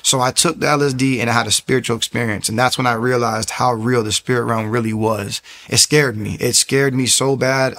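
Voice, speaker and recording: A young man tells his own testimony in a loose, animated ramble. His pitch sits in the middle range, and he keeps restarting his sentences as he goes. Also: gravelly. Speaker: testimony speaker. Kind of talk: personal testimony.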